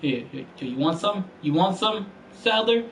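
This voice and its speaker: A man's voice: sits high, lively intonation, moderate pace, a bit bright, slight background noise, poor audio. Slangy, profane male game streamer. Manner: profane, slangy trash talk. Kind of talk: casual gaming commentary.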